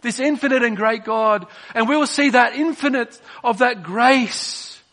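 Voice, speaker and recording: A man preaching a sermon, swinging between soft, drawn-out phrases and emphatic bursts. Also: very high-pitched.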